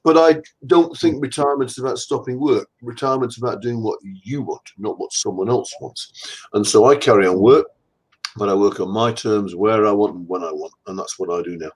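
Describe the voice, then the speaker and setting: A man's voice: fairly low pitch, moderate pace, slightly rough, low-quality recording. A man in his sixties, an anatomist, chatting bluntly and with self-mocking humour in a video-call interview. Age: 60s. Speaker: anatomist guest. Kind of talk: casual interview chat.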